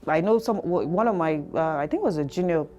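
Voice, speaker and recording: Nigerian woman, low-pitched reflective guest. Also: animated, fast, a little mellow, highs cut off. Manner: reflective, filler-heavy storytelling. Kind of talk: conversational interview.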